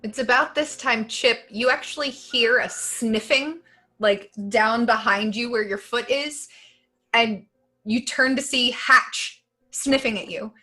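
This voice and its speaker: A woman's voice: on the high side, takes it slowly, soft background music. A woman narrating as game master of a tabletop game, describing scenes step by step. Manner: descriptive, steady storytelling.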